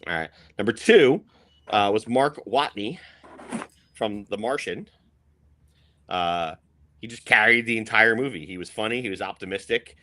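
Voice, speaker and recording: A man's voice: lowish voice, expressive, moderate pace, pauses often, pushed and bright. Upbeat guy cohosting a podcast, going through his list. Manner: upbeat, laughs easily, lists picks. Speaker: podcast co-host. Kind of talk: casual chat.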